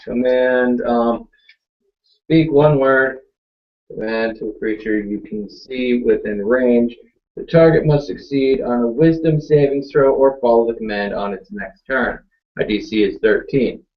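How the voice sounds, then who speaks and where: A man's voice: mid-range voice, a little slow, dull audio. Casual man playing a tabletop game. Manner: casual, reads rules aloud. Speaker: player.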